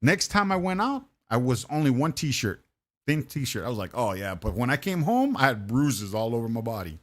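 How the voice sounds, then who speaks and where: A man's voice: medium pitch, big pitch swings, normal speed. A man hosting a casual podcast, talking in a laid-back, joking way. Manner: laid-back, swearing, laughs often. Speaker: podcast host.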